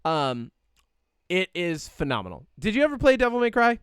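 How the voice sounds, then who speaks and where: A man's voice: high voice, very animated, normal speed, clear, resonant tone, dry recording, studio quality. A man co-hosting a podcast in casual chat, rambling animatedly with lots of fillers and quoted asides. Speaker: podcast co-host.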